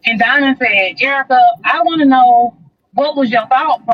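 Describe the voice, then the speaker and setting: A woman with a high-sitting voice and moderate pace retells a dispute as a livestream guest, performing each quote in a lively, casual way. The audio is dull, with a bit of background noise.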